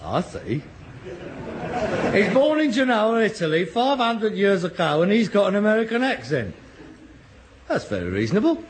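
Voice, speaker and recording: A man's voice: high-pitched, very animated, moderate pace, long pauses, a little hiss or hum. A man in a British radio sitcom, playing a sarcastic, exasperated grown son who mocks his father.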